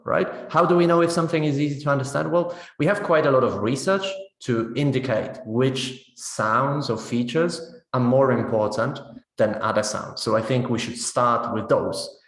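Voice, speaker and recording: Man giving a chatty teaching webinar. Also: medium pitch. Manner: conversational, often checks in with "right?". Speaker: teacher trainer. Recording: roomy echo.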